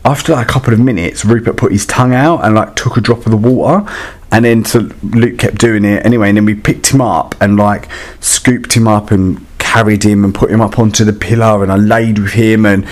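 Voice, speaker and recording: Chatty man with a low voice. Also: fairly even intonation, brisk. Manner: chatty and dramatic, many fillers. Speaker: vlogger telling a story. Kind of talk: casual storytelling. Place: static caravan.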